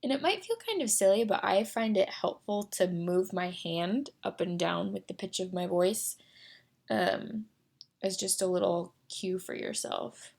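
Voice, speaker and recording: Speech therapy instructor, young woman, mid-pitched, a touch of fry, deliberate and encouraging. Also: expressive, a little mellow. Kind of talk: guided voice exercise lesson.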